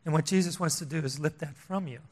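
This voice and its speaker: Older male preacher, higher voice, emphatic sermon delivery with sudden hushed drops. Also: quick pace. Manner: emphatic, repetitive, swings between loud and hushed.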